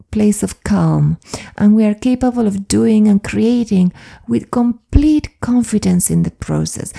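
A woman flow coach speaking in an earnest, confiding, soft-spoken personal monologue. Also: mid-range voice, creaky.

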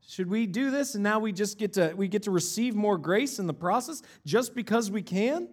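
A man's voice: high voice, lively intonation, normal speed, husky. A man preaching a sermon, stressing points with rhetorical questions and repeated lines. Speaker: pastor.

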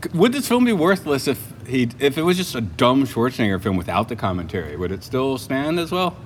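A man's voice: medium pitch, very animated, a little fast, a little hiss or hum. A man co-hosting a casual film podcast, laughing often and trailing off with fillers. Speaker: podcast co-host. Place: lives in Japan.

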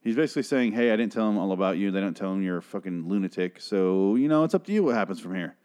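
A man casually recapping a TV episode, swearing freely and acting out characters' lines in quick put-on voices. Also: low-pitched, lively intonation, darkish tone, clean tone.

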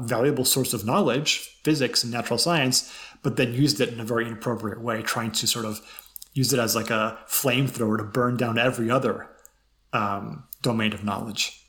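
A man's voice: medium pitch, steady tone, moderate pace, fairly bright tone. Man co-host, casual philosophy chat, restarts, fillers. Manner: conversational, restarts, hedging fillers. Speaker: podcast co-host.

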